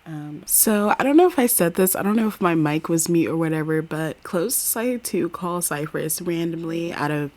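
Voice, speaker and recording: A woman's voice: fairly low pitch, expressive, normal speed, hardly any pauses, a little mellow. A young woman hosting a life-sim let's play, narrating her game casually and rambling with lots of fillers.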